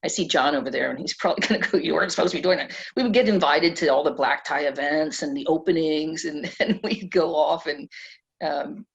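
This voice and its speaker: A middle-aged woman author being interviewed at a press club event, telling stories in an animated way and laughing often. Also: low voice, a little fast, husky. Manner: animated, laughs often, acts out quoted voices. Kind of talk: conversational storytelling. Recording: dull lo-fi event recording.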